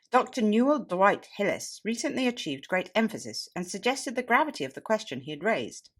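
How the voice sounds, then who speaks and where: A woman reading a public speaking manual aloud as an audiobook, deliberate and expressive, with marked pitch contrasts. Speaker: audiobook reader and toastmaster.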